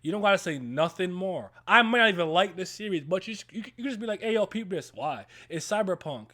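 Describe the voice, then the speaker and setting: A young man co-hosting a casual stream, hyped and excitable, with loud bursts, frequent laughs and free swearing. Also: high voice, a little fast. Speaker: stream co-host.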